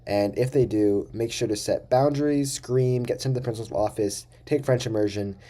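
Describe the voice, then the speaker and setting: A man's voice: mid-range voice, normal speed, dark tone. A young man telling a rambling, profane story casually to camera as a vlogger.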